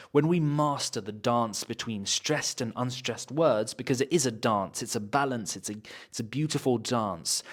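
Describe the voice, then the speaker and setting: A man with a British accent teaching a pronunciation lesson, saying example words slowly and repeating them to drill the sounds. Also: mid-range voice, fairly bright tone. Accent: British English. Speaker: accent coach.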